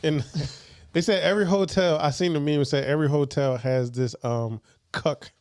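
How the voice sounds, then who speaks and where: A man's voice: a little high, steady tone, moderate pace, a little mellow. A man co-hosting a podcast in casual late-night banter, sleepy and joking, laughing as he teases the others. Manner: joking, teasing, laughs often. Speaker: podcast co-host.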